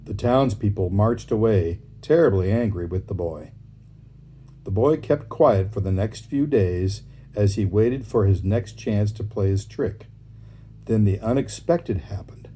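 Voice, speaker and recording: A man casually reading fables aloud, relaxed and chatty, with friendly asides in between. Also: lowish voice, measured pace, breathy edge. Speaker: storyteller.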